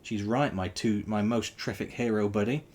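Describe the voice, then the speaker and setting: A man voicing Tails, an excitable young male fox sidekick who babbles in a panic. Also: fairly low pitch, normal speed, breathy edge. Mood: pleading.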